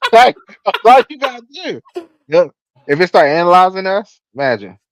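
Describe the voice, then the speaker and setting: A man co-hosting a tech podcast in casual chat. He laughs a lot and acts out little quotes, so his pitch swings widely. The sound is dry and close, with almost no room in it. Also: sing-song, moderate pace, dry recording. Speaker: podcast co-host.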